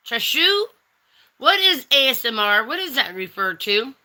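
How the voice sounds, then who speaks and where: Sassy bright-voiced woman on a livestream. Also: high voice, very animated, unhurried. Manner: sassy, teasing, calls viewers honey and darling. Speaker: livestream host reading chat. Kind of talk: casual live chat.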